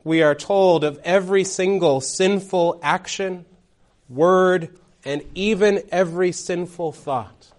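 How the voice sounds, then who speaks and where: A man preaching a sermon, telling a courtroom story dramatically, swinging between loud and hushed. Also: high-pitched, takes it slowly.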